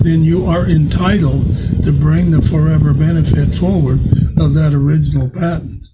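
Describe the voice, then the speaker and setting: An older man talks with a guest's folksy earnestness and acts out the people in his stories. His voice sits a little high. The audio is dull and lo-fi, with loud noise behind him. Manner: earnest, folksy, retells courtroom scenes with quoted voices. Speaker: lawyer and guest. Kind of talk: casual interview storytelling.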